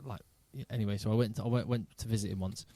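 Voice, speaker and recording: A man's voice: on the low side, fairly even intonation, fast, dark tone, no echo. A man, a podcast co-host chatting casually and rambling through anecdotes. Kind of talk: casual chat.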